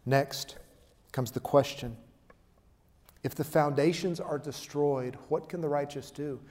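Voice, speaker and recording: A man's voice: on the high side, fairly even intonation, unhurried. Emphatic preacher man in a reverberant hall. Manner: emphatic preaching, swings between loud declarations and quiet asides. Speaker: pastor. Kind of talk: sermon.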